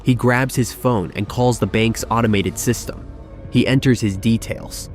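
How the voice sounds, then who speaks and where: A man giving scripted documentary narration in a measured, suspenseful storytelling manner. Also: mid-range voice, steady tone. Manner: tense, measured storytelling with dramatic pauses. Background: background music.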